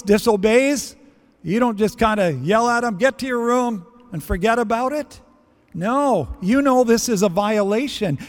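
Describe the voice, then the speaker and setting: A man's voice: high voice, darkish tone, big-room sound. A man preaching a sermon in earnest, acting out prayers and bits of dialogue as he goes. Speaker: pastor.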